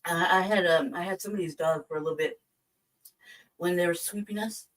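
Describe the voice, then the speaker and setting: Woman, casual podcast storytelling, animated, profane, laughs a lot, set back from the mic. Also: fairly low pitch, a little fast, distant mic, poor audio. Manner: animated, profane, laughs often while telling stories. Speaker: podcast co-host.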